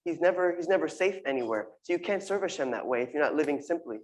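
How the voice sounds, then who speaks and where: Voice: medium pitch, expressive, fast talker, darkish tone, rough recording. A speaker giving an earnest, informal sermon talk to a congregation, repeating phrases and using Hebrew terms. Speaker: congregation member giving a drash.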